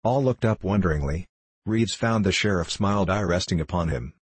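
A man narrating a story in a measured, even reading. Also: low-pitched, breathy edge, dry recording. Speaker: audiobook narrator. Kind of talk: scripted narration.

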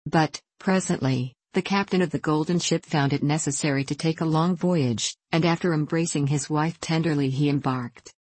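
A woman narrating a fairy tale in a measured, steady audiobook reading. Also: sits low, slightly rough, no room sound.

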